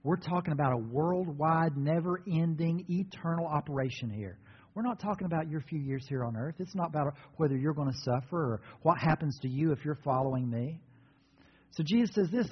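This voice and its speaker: Pastor, male, slightly high voice, a bit husky, animated storytelling sermon in a reverberant sanctuary. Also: brisk. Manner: animated storytelling, acts out biblical dialogue. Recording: dull, muffled sound with long reverb.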